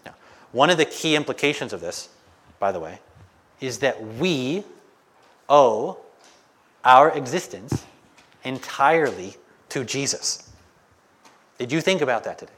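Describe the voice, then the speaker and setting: A male pastor preaching a slow, emphatic Bible-teaching sermon in a church, stopping for rhetorical questions. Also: mid-range voice, animated, a bit bright, breathy edge.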